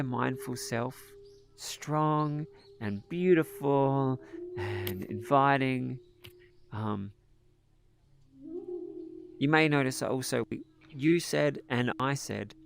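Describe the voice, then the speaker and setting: Gravelly, gentle-voiced male meditation teacher. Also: mid-range voice. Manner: gentle, encouraging, coaching. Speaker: meditation teacher leading a group. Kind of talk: live group mindfulness coaching.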